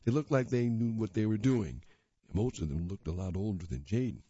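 A man reading a magazine story aloud at a plain, unhurried pace. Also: lowish voice, expressive, warm tone, breathy edge, no room sound. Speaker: reader. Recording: dull lo-fi dry recording.

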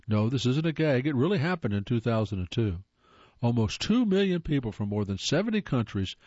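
A man narrates a run of jokes in a wry, playful manner, his pitch rising and falling with lots of life. The recording is dry with no room sound and has a slightly dull, muffled tone. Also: darkish tone, dry recording. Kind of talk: scripted comedic narration.

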